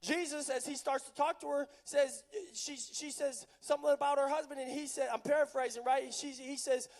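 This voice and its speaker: A man preaching a passionate sermon at a live event, building to loud, urgent delivery. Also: very high voice, level tone, moderate pace.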